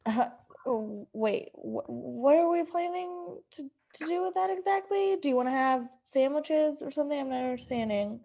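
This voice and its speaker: A woman's voice: sits high, expressive, moderate pace, creaky, warm tone. A woman improvising comedy, playing it puzzled and questioning. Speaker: comedy cast member.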